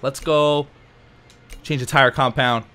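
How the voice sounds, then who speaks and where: A man casually commenting while playing a racing game, chatty and jokey with sudden excited outbursts. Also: mid-range voice, slow, clean tone, soft background music. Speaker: let's play host.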